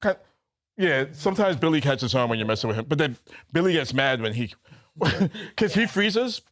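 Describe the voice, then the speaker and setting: A man's voice: on the high side, sing-song, normal speed, fairly bright tone. A man co-hosting a podcast, chatting casually and telling stories with joking, laughing asides. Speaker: podcast co-host. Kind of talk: casual storytelling chat. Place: podcast recording room.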